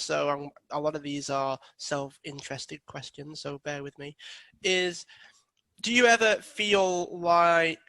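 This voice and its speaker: Bright-voiced man asking halting questions. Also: on the high side, steady tone, no echo, poor audio. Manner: hesitant, searching for words, many fillers. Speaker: podcast host. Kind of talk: interview questions.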